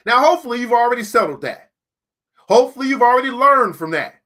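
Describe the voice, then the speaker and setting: Motivational teacher, male; high, bright voice; emphatic preacher-style delivery with slow repeated lines. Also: lively intonation. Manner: addresses listeners directly as beautiful people. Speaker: teacher and book club host.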